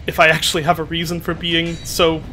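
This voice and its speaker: Heavy background noise accompanies this man's odd-sounding voice, which is on the high side, brisk, and utterly flat. Streaming a game, he chats in a rambling, self-mocking way and exclaims whenever things go wrong.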